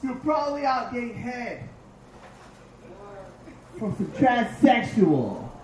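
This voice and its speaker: A male stand-up comic voicing his angry, suspicious wife, yelling accusations in a shrill, high voice. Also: very animated, takes it slowly, a little hiss or hum. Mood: accusing. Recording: echoey bar from far off.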